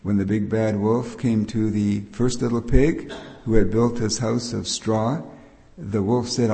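A man's voice: fairly low pitch, measured pace, creaky, warm tone. An older man giving a patient, explanatory Bible teaching sermon as a preacher. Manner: explanatory, patient, with frequent restarts. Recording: long reverb of a hall.

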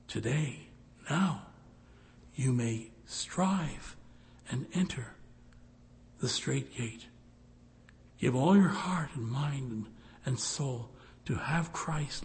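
Slow, earnest male preacher, pleading sermon, long hall echo. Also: medium pitch, animated. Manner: pleading, rising to loud appeals.

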